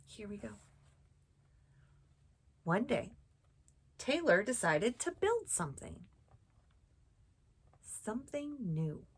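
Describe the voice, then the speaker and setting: A woman reading a picture book aloud to young children, slow and very expressive, with her pitch swooping up and down. Her voice is breathy and soft at times. She stops often to ask the children questions. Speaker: children's storytime host. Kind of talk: read-aloud storytelling for children.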